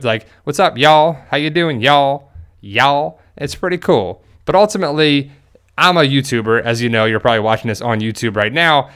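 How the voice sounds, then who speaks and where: A man's voice: mid-range voice, pushed and bright, clear, resonant tone. Chatty middle-aged man. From New Jersey. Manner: chatty, rambling, storytelling. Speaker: YouTuber. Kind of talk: casual talking-to-camera vlog.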